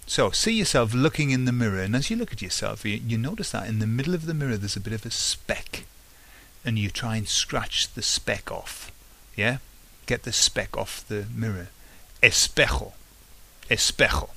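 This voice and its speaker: A man's voice: lowish voice, vocal fry, fairly bright tone. A man teaching a podcast vocabulary lesson, patiently repeating each word and often checking in with "okay?". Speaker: language teacher.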